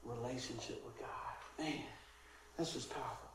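A middle-aged man, a pastor, preaching a sermon and telling a childhood story, animated and laughing, with voices for the people in it. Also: medium pitch, normal speed, slight background noise. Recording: very echoey hall.

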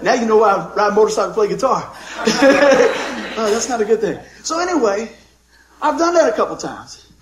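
A middle-aged male pastor with a very high voice preaches in an echoey church, folksy and joking. He keeps asking the congregation for amens. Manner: folksy, joking storyteller with call-and-response amens. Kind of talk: sermon.

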